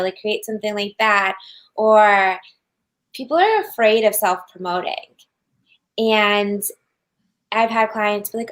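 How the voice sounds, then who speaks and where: A woman's voice: medium pitch, fairly bright tone. A woman hosting an interview, talking in a chatty, casual way and using "like" often. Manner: chatty, frequent "like" fillers. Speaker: host.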